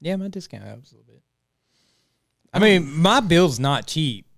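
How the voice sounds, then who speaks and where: A man's voice: a little high, very animated, normal speed, creaky, a bit bright, no room sound, studio quality. A man, co-hosting a casual podcast in an easygoing way, laughing along and explaining details. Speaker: podcast co-host. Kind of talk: casual chat.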